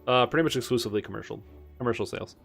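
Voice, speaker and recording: A man's voice: mid-range voice, very fast, creaky, a bit bright, soft background music. A young man streaming a game, chatting casually and rambling through stories. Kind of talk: casual chat while gaming. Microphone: webcam-streaming setup.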